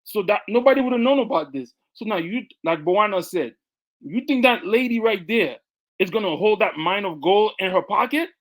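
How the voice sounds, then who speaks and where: A man's voice: high-pitched, lively intonation, normal speed, fairly bright tone. A man co-hosting a podcast who comments casually and with emphasis, often repeating his words as he makes his point. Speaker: podcast co-host.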